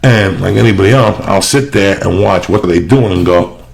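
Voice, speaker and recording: Lowish gravelly guy hosting a podcast, loud and foul-mouthed, rambling stories in a studio. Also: normal speed. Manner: loud, profane storytelling. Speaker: podcast host. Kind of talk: casual chat.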